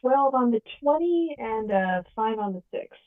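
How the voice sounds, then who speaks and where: A woman's voice: on the high side, animated, measured pace, phone-quality sound. A woman playing in a casual tabletop game, playful in her remarks. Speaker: player.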